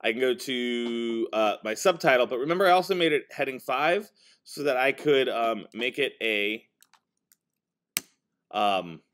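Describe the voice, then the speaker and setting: A man's voice: mid-range voice, expressive, a little slow, a bit bright. Man teaching a class while typing. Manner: casual, talks while typing, self-correcting. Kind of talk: classroom software demonstration. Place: high school computer classroom.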